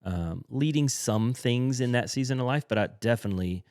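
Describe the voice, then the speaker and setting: A man's voice: mid-range voice, brisk, a little mellow, no echo, clean studio sound. A man who leads in a church, a podcast guest explaining his ideas earnestly and step by step. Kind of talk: casual conversational interview.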